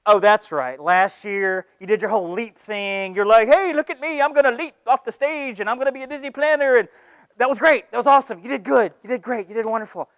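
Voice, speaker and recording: Man doing a high, mocking inner voice of fear, sarcastic and taunting, dry sound. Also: a little fast, fairly bright tone, clear, resonant tone, no echo. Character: sneering inner voice of fear, male, belittling. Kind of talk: comic stage monologue.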